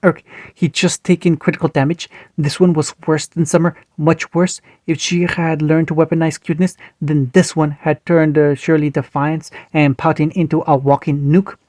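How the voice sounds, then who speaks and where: Man reading a story, fairly high and flat. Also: moderate pace, no echo. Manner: steady reading with small slips and restarts. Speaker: story reader. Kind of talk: reading fan fiction aloud.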